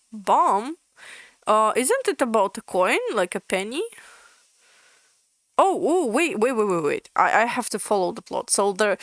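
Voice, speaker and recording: A woman whose isn't reads comic descriptions aloud and reacts to them, stumbling now and then. Her pitch sits mid-range for a woman. The close mic gives a dry sound with no room echo. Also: clean tone. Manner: expressive, stumbles while reading aloud. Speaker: VTuber streamer. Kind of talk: reading and reacting to comic blurbs.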